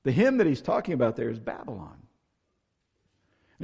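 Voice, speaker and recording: A man's voice: mid-range voice, big pitch swings, normal speed, vocal fry, pauses often, darkish tone, slightly rough, big-room sound. A man preaching a sermon, earnest and building to emphatic force when he reads scripture aloud. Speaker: pastor.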